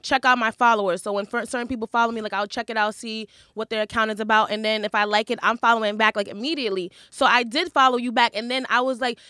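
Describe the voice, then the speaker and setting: A woman's voice: on the high side, steady tone, pushed and bright, no echo, clean studio sound. A woman hosting a casual chat with guests, talking loosely with many fillers. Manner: chatty, drawn-out, lots of fillers. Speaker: host. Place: New York.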